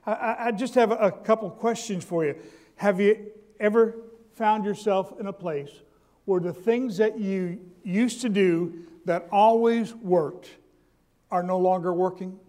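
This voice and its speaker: High-voiced man preaching a sermon. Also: a little slow, warm tone. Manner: calls for audience response, repeats key lines; stammering restarts.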